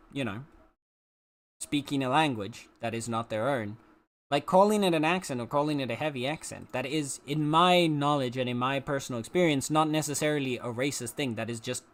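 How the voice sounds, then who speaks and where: A man with a South African accent chatting casually as a streamer while he plays, rambling through his points with lots of filler words and restarts. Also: medium pitch. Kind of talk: casual opinion chat while gaming.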